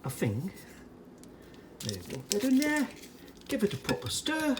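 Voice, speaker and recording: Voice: mid-range voice, huge pitch swings, a little slow, noisy background. An American reviewer in a put-on British accent, giving a chatty running commentary while preparing and tasting ration food in a casual food vlog. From United States.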